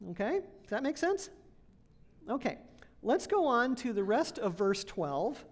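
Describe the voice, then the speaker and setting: A woman's voice: fairly high pitch, sing-song, a little slow. A woman, an associate pastor, preaching a conversational sermon in a church, laughing now and then and checking in with the congregation. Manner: conversational, laughs often, asks congregation questions.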